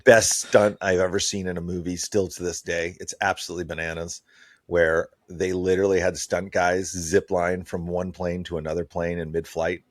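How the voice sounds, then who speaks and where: A middle-aged man with a low voice guests on a podcast, chatting casually at a moderate pace. He's an animated, enthusiastic storyteller, sharing stories about the movies he loves. The studio-quality recording has no echo.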